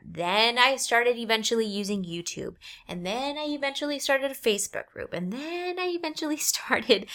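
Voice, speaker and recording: An upbeat woman in her thirties hosts her own podcast, chatting freely and stopping to correct herself mid-sentence. Her pitch sits in an ordinary middle range for a woman. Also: fairly bright tone. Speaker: podcast host. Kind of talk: casual solo podcast talk.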